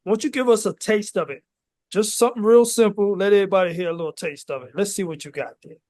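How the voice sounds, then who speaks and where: A man interviewing an artist, asking relaxed and encouraging questions. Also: sits high, fast, no room sound, studio quality.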